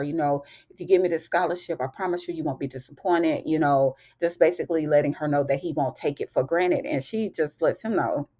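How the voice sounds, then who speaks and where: A woman's voice: deep voice, dark tone. A woman recapping a TV drama episode in a chatty, casual way, calling the listener honey and baby. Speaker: TV recap host.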